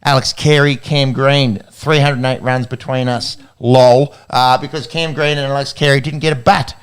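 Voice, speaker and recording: A man's voice: medium pitch, steady tone, moderate pace, smooth. A man with an Australian accent, co-hosting a casual sports podcast in a jokey, rambling way. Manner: jokey, rambling, lots of fillers. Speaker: podcast co-host.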